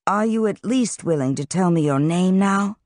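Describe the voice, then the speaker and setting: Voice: mid-range voice, lively intonation, moderate pace, darkish tone, no echo, clean studio sound, pitched above the performer's own voice, natural voice. A reader voicing a teasing young wizard. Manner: teasing and showy. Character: smooth, playful young male wizard. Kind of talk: audiobook character reading.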